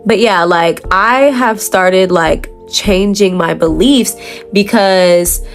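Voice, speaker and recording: A young adult woman chats casually while doing her makeup, rambling with lots of fillers and self-corrections, using slang and laughing easily. She has a mid-range voice, with soft music in the background.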